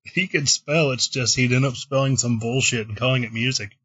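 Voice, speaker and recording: Husky man with dull lo-fi sound. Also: medium pitch, a little fast, no room sound. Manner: crude deadpan jokes.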